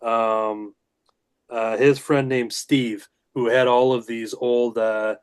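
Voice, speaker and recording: Male guest, mid-pitched voice, meandering filler-heavy storytelling on a call. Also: level tone, slow pace, smooth. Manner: rambling storytelling with many fillers and restarts. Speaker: guest comic creator. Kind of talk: casual chat.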